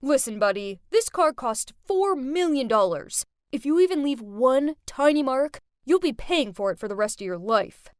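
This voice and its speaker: A woman's voice: high-pitched, expressive, moderate pace, hardly any pauses, no echo, clean studio sound. A woman playing a rude, arrogant rich teen boy. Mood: threatening. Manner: bossy, threatening.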